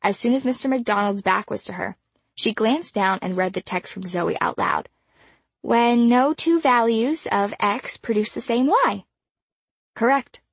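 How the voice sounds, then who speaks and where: Casting note: female audiobook narrator, measured and expressive, slightly husky, dry booth sound. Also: mid-range voice, no echo.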